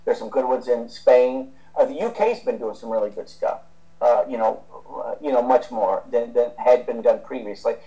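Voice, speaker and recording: Mellow-voiced American man rambling. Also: medium pitch, moderate pace, poor audio. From United States. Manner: rambling, many restarts and fillers. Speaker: guest, strength coach. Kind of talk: casual interview talk.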